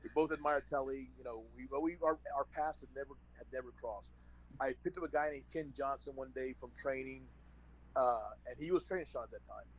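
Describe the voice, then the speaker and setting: Animated man telling a story. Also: medium pitch, fairly quick, muffled recording. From San Antonio, Texas. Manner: animated storyteller, acts out phone calls. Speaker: podcast guest, former wrestler. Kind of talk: casual storytelling.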